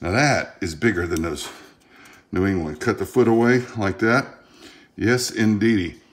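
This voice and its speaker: A man's voice: lowish voice, a little slow. Folksy Louisiana man vlogging. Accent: Southern US, Louisiana. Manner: folksy, chatty, animated outbursts. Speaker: food vlogger. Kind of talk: casual unboxing and tasting vlog.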